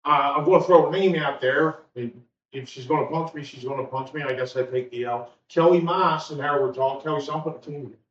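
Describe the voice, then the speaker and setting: A man's voice: on the high side, fast. A man co-hosting a podcast, talking casually and plugging a local charity football game. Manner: easygoing, loose chat that drifts into plugging a local charity game. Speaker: podcast co-host. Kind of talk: casual chat. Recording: roomy, distant, muffled home recording with faint background noise.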